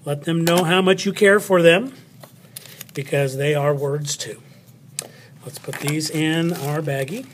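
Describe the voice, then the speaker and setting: A man leads a children's spelling lesson, unhurried and playful. His voice sits a bit higher than most men's. He talks close to the mic as if to one child. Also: fairly even intonation, slight background noise. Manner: playful, slow and patient, speaks to an unseen child. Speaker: teacher.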